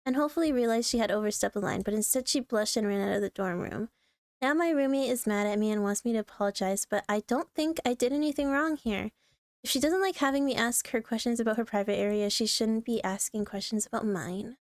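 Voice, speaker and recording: Reacting to online posts during a live stream, a woman with a fairly high voice talks quickly and casually. She swears freely, often clears her throat, and laughs a lot. The sound is close and dry, without room echo.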